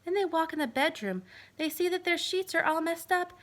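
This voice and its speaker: A woman telling a children's fairy tale aloud with an animated delivery, sometimes dropping to a whisper. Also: very high-pitched, fairly quick. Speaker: storyteller. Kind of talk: reading a children's story aloud.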